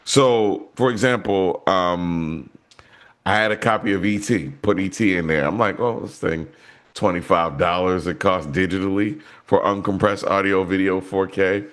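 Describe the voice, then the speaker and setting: A man with a fairly low voice chats on a movie podcast. He rambles through his story and often restarts his sentences. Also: normal speed, a bit bright. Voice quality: rambling, many restarts and fillers. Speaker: podcast co-host. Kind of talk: casual movie podcast chat.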